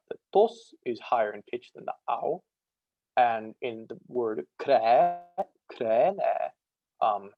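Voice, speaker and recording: A young man giving a casual student presentation over a video call, full of fillers, slowing to demonstrate sounds. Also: medium pitch, gravelly, dry recording, dull audio. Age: young adult. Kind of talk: online lecture on ancient Greek pronunciation.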